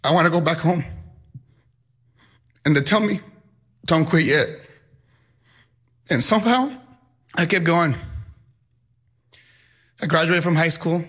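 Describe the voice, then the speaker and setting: Young guy telling his life story, bright forceful voice, earnest. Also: a little high. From Mexico. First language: Spanish. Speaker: high school Spanish teacher. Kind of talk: personal storytelling.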